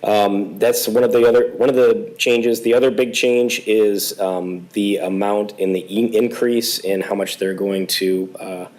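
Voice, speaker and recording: A man serving as police chief, his voice going hoarse, speaks low and haltingly, filling pauses as he reports to a township board. He sounds like he is talking at a meeting-room microphone. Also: steady tone, darkish tone, poor audio. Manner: halting, many fillers. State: losing his voice.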